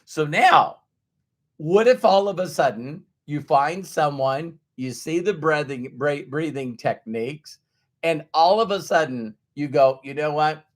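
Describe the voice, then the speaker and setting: A man speaking to his audience in an animated, conversational way, his pitch bouncing high and low as he makes a point. His voice sits a little high for a man, and he slips into the voices of doubters to act them out. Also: measured pace. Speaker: motivational speaker. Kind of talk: motivational talk to an audience.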